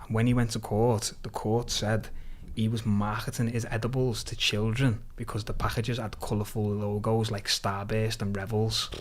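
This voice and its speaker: A young man from Liverpool with a Liverpool accent, a podcast guest telling stories in animated, sweary, slang-heavy casual chat. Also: fairly low pitch, normal speed, hardly any pauses.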